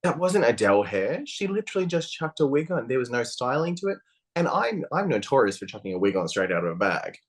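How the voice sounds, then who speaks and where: A man co-hosting a podcast, chatting casually in a blunt, sweary and animated way. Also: medium pitch, brisk. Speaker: podcast co-host. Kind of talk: casual chat.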